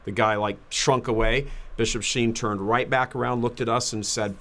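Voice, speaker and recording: A man's voice: mid-range voice, steady tone, normal speed, bright, forceful tone. A man in his fifties telling an anecdote as a guest in a casual chat, laughing often. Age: 50s.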